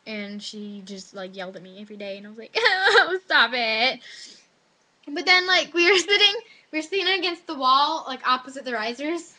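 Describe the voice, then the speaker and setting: A woman's voice: sits high, quick pace. A teenage girl telling a casual story about her school day to her webcam, full of "like" and acted-out quotes of other people. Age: teens. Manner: chatty, lots of "like", quoting others in animated voices. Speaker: high school student. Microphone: webcam microphone.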